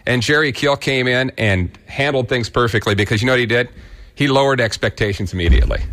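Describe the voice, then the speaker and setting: A man's voice: medium pitch, fast talker, fairly bright tone. A man from Kansas with a rural Kansas accent, giving blunt, folksy opinion commentary as a radio host.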